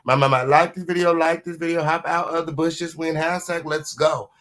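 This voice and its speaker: A man hosting a casual live commentary stream at home, sassy and full of repeated drawn-out catchphrases. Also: on the high side, fairly even intonation, fairly bright tone, slight background noise. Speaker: livestream host.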